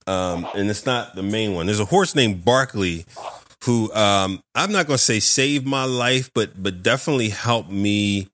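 A man hosting a podcast interview, telling a story in a lively, animated way and acting out the voices in it. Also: lowish voice, a little slow, dry recording. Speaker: podcast host. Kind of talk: casual interview chat.

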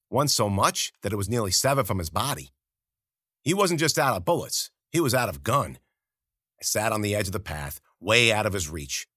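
Gritty, animated male storyteller. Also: lowish voice, dry recording, clean studio sound. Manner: gritty, slangy, profane. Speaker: audiobook narrator. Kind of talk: first-person storybook narration.

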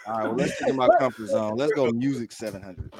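A man competing in a casual podcast quiz, picking categories and answering with relaxed, profane banter. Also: mid-range voice, quick pace, a loud crowd. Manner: relaxed, swearing, joking. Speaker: quiz contestant.

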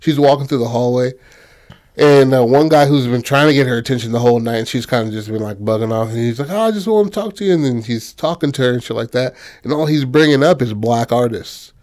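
Guy pitching a movie story, swears a lot, tons of like and you know, middle pitch. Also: steady tone, brisk, darkish tone. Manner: loose and profane, full of fillers, briefly acts out characters. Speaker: storyteller pitching a film idea. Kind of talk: casual storytelling chat.

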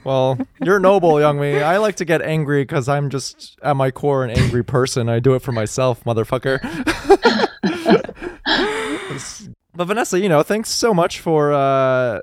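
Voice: mid-range voice, moderate pace, hardly any pauses, a little mellow, dry recording, studio quality. A podcast co-host who jokes with a curse and then closes the interview with a last question. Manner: joking, profane, then wraps up the show. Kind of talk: casual chat.

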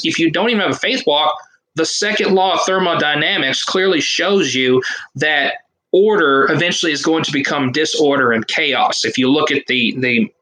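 A man pitched well above most men talks earnestly on a casual podcast, his words tumbling out in long, winding runs. His tone is bright and forward, and he restarts his sentences often as he thinks aloud. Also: rough recording. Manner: earnest, rambling, with many restarts. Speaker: podcast guest.

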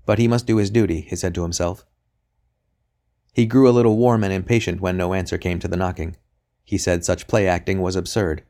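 Brief: male narrator, very low voice, measured audiobook reading. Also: little pitch movement, warm tone. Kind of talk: scripted narration.

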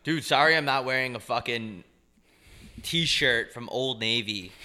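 Bright-toned young male co-host, sweary, mocking, prone to loud bursts. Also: medium pitch, measured pace. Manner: ranting, profane, mocking, swings loud. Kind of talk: casual comedic banter.

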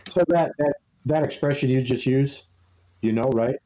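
Mellow-voiced man telling a rambling story. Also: mid-range voice, normal speed, poor audio. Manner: rambling, amused anecdote-telling with many restarts. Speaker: podcast co-host. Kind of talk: casual storytelling chat.

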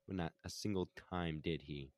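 A man with a low voice tells a story in relaxed podcast chat. He is heated and swears in almost every sentence. The sound is dry and close. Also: normal speed, dry recording. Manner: heated, swears constantly, acts out quotes. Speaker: podcast co-host telling a story. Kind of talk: casual chat.

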